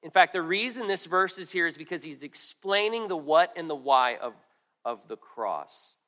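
A middle-aged man preaching a sermon, earnest and conversational, swinging from strong emphasis to quiet asides with frequent restarts. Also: fairly high pitch, expressive, normal speed. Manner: earnest, rises and falls in loudness, drops to quiet asides; conversational with restarts and repeated words. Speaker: pastor.

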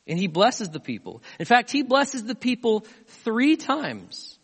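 A man pastor delivering a sermon, retelling a scripture story in an animated way, with asides to the congregation. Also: extremely high pitch, unhurried, husky. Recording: long hall reverb.

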